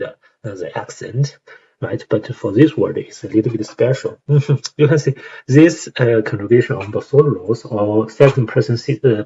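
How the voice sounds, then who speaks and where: A man's voice: on the low side, dark tone, highs cut off, slight background noise. A young man with a Chinese accent explaining lyrics in a casual tutorial, hesitant, with many fillers and tag questions. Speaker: language learner explaining song lyrics.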